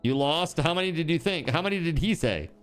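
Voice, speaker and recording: A man's voice: a little high, lively intonation, a little fast, fairly bright tone, soft background music. A man streaming a building game, chatting casually and answering his chat aloud.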